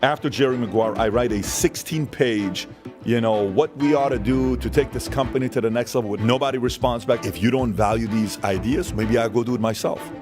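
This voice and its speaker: A man's voice: mid-range voice, a little fast, over music. A man telling his business story in an interview, driven and confident. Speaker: guest entrepreneur. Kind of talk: interview answers.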